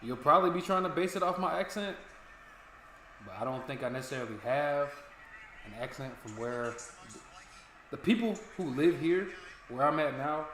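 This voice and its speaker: A man's voice: a little high, lively intonation, normal speed, long pauses, fairly bright tone. A man, co-hosting a sports watch-along, teasing his friend in casual, profane banter. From United States. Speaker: co-host of a footy watch-along. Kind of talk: casual streaming chat. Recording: echoey room with faint noise.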